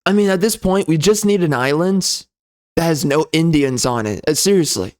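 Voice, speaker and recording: Sneering, ranting man, high-pitched. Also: moderate pace. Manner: loud, sneering, profane. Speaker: game reviewer. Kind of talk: ranting comedy commentary.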